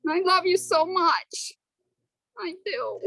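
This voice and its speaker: Tender high-voiced woman, emotional encouragement. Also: lively intonation, takes it slowly, vocal fry, a bit bright, no echo, poor audio. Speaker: study group participant. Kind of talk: heartfelt encouragement on video call. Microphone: video call.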